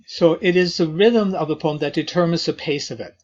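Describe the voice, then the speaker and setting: A man teaching an introductory lesson on poetry, talking slowly with frequent fillers and reading verses aloud. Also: a little high, a little mellow, muffled recording. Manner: slow, deliberate delivery with many fillers and reading aloud of verses. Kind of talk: lecture on poetry.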